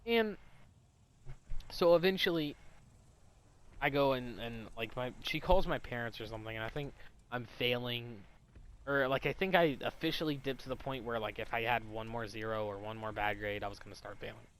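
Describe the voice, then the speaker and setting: A man's voice: medium pitch, normal speed, clean tone. A young adult man telling a personal story in a casual, rambling, heavily profane way.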